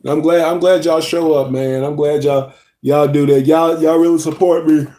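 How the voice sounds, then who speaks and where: Chatty livestreamer with a drawl. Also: male voice, a little high, normal speed, a little mellow. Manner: loose and chatty, reading chat aloud, yawning. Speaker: livestream host. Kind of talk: casual livestream chat.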